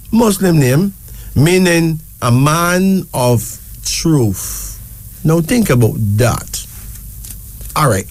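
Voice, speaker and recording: A man hosting a casual talk show, slowly spelling out each name letter by letter and repeating words for emphasis. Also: on the high side, dry recording. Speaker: show host. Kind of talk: casual talk presenting names.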